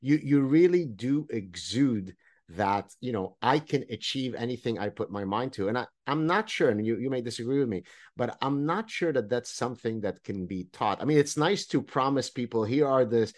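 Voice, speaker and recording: A man hosting an interview, asking his questions in a measured, hesitant way with small restarts. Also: mid-range voice, lively intonation. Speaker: podcast host.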